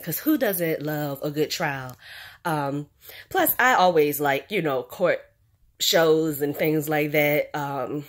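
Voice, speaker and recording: Chatty low-voiced woman vlogging. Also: slow pace. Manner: chatty, rambling with fillers and asides. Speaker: channel host reviewing a series. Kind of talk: casual recap vlog.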